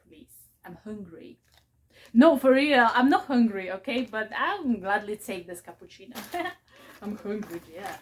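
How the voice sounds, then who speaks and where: Slow-talking rambling woman vlogger. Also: fairly high pitch, animated, slightly rough. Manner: emotional, rambling, with halting restarts. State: unwell, recovering from side effects. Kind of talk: casual unboxing vlog.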